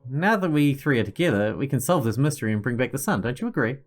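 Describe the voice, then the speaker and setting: A man's voice: mid-range voice, lively intonation, fast, soft background music, natural voice. A man voicing a cheerful, friendly male companion who speaks happily and agreeably. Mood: happy. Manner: happy, agreeable.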